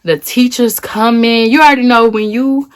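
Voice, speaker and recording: A woman in her twenties telling a dramatic story in a casual vlog, animated and full of slang. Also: on the high side, moderate pace, a little hiss or hum. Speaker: vlogger.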